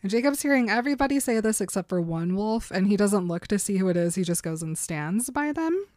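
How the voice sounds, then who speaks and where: A woman's voice: medium pitch, fairly quick, dry recording, studio quality. Chatty woman recapping a story. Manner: animated retelling with acted quotes and laughs. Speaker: podcast co-host. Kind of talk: casual book recap chat.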